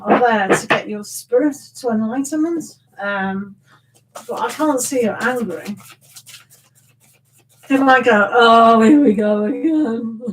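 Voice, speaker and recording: A woman's voice: a little high, slight background noise, low-quality recording. A middle-aged woman chatting casually with viewers as a tarot reader on a live stream, rambling and teasing with laughs.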